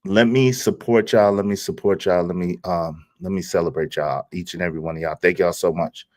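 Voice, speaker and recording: Brief: a man livestream host, casual slangy commentary, animated reactions. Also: sits low, brisk. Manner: animated, slangy, laughs at clip.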